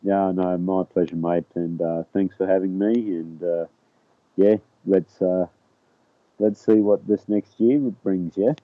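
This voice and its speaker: A man appearing as a podcast guest, talking casually and haltingly, often repeating words. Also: sits low, fairly even intonation, no room sound. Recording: dry, tinny phone-like line.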